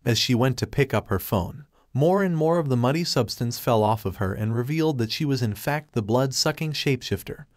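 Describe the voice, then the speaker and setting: A man narrating a fan fiction story in a steady, even reading voice. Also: mid-range voice, brisk, hardly any pauses, no room sound, studio quality.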